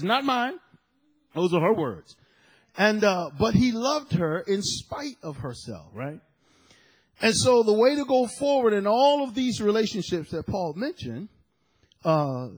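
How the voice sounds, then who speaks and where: Male pastor, sermon delivery, husky, high lively pitch. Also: slow pace, poor audio. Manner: animated preaching with shouted sound effects.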